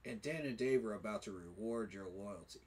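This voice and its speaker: A man's voice: lowish voice, a little fast, darkish tone, husky. A man giving an emotional, preacher-like fan monologue, repeating his phrases for emphasis. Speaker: sports fan commentator.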